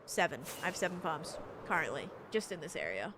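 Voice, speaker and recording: A woman's voice: low voice, very animated, fairly quick, noisy background. A young woman with an Australian accent chatting casually on a live stream, reading and answering chat while building in a game.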